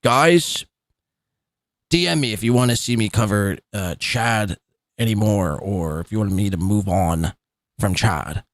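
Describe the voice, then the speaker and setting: A man's voice: fairly low pitch, unhurried, no echo. A man in his thirties hosting a podcast, giving mocking, sarcastic commentary on clips. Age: 30s. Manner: sarcastic, derisive, repeats words for laughs. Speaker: podcast host.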